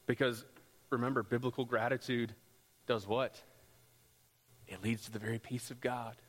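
A man preaching a sermon as pastor, rising into loud, impassioned passages. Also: flat delivery, moderate pace. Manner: builds to loud, high-pitched pleading passages. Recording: long hall reverb.

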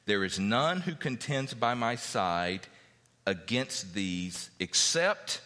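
Animated preacher man in a reverberant hall. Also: fairly low pitch, takes it slowly. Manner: animated, acts out biblical characters' speech. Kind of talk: sermon teaching from scripture.

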